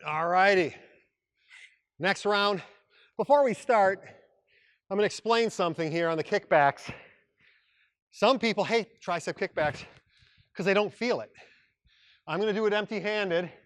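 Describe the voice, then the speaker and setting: A man's voice: high voice, measured pace, long pauses, fairly bright tone. A man coaching a workout class as its instructor, upbeat and joking, breaking off mid-sentence now and then. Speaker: fitness instructor. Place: exercise room.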